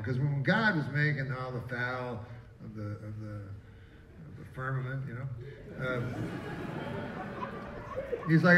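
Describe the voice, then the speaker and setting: Male stand-up comedian, deadpan, rambling, profane, distant mic, echoey casino showroom. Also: mid-range voice, a little slow, pauses often, lo-fi sound, a little hiss or hum. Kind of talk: live stand-up set. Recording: echoey far-off live room with audience.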